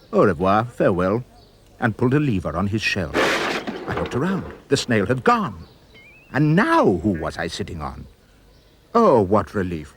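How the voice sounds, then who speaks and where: A man narrating a rhyming storybook in a playful, expressive way. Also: mid-range voice, husky. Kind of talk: storybook reading in rhyme.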